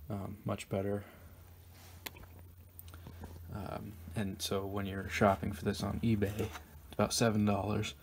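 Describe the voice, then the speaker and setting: DIY tutorial host, man with a low, monotone voice, halting, full of ums. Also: vocal fry, noisy background. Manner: halting, lots of ums and restarts. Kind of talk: casual how-to explanation. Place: garage workshop.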